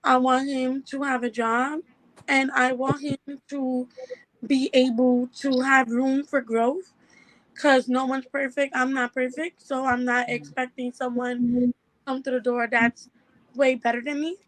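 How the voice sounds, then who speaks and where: High-voiced hesitant young woman. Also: flat delivery, measured pace, no echo, poor audio. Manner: hesitant, many ums. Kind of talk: casual podcast talk.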